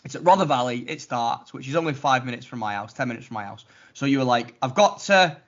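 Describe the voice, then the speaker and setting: Animated man telling a story. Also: medium pitch, fast. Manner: animated, mocking retelling with acted-out quotes. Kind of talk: casual storytelling. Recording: lo-fi muffled audio.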